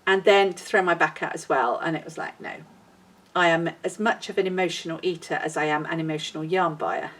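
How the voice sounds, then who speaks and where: A woman's voice: low-pitched, a little fast, few pauses, fairly bright tone. A woman hosting a knitting podcast, chatting in a rambling and self-deprecating way. She sounds like she is outdoors in a windy garden. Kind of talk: casual chat. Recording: voice a little far from the mic.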